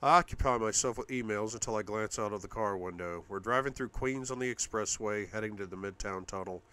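A man narrating a first-person novel aloud, steady, going low and quiet in intimate passages. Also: fairly quick, smooth. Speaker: audiobook reader.

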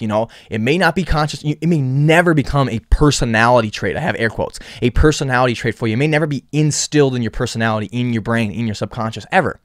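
A man's voice: medium pitch, fast, few pauses, dry recording, studio quality. A man hosting a solo podcast, rambling with frequent restarts and repeated words. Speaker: podcast host.

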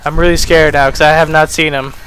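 A man's voice: fairly high pitch, flat delivery, fast, a little hiss or hum. Jumpy, swearing young man playing horror. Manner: jumpy and profane, yelling at the character, screaming at scares. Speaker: gameplay commentator. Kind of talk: horror game commentary.

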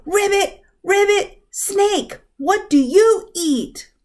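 A woman putting on a shrill shouting little frog. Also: very slow, exaggerated voice. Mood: loud brash. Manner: shouting, very high and squeaky. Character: loud brash little male frog.

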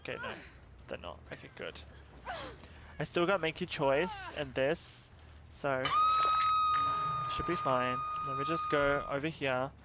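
A man's voice: mid-range voice, a little slow, very noisy. A man commenting on his own gameplay, nervous and swearing, repeating himself and giving himself pep talks. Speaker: gaming streamer.

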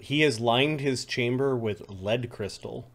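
A man at a mid-range pitch narrates a tabletop game as its game master. He paints each room in unhurried detail and chuckles between the details.

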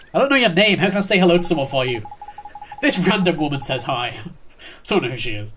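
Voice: medium pitch, big pitch swings, a little fast, fairly bright tone, slight background noise. A let's-play gamer giving casual, joking commentary with giggly asides.

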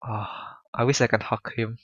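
A man's voice: mid-range voice, flat delivery, moderate pace, breathy edge, no echo, dull audio. A young man streaming a visual novel, reacting emotionally and apologizing often as he plays. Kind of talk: let's play commentary.

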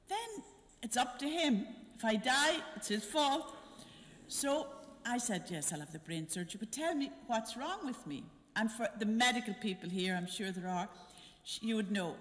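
An older nun tells a story to her congregation, acting out each voice in it. Her fairly high voice rises and falls a great deal, and it rings through the long reverb of a church. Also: a little hiss or hum. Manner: animated, acts out dialogue in her story. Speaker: visiting nun giving a mission talk.

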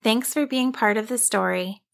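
A woman hosting a children's podcast, narrating a fairy tale in a gentle, measured way. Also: on the high side, gravelly, no room sound. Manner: gentle, measured, slow storytelling. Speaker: storyteller and podcast host.

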